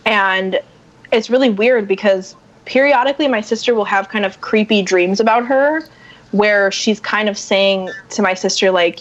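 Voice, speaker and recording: A woman guest on a podcast telling a personal story in casual chat, animated and acting out the voices of people she quotes. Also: mid-range voice, moderate pace. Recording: muffled lo-fi sound.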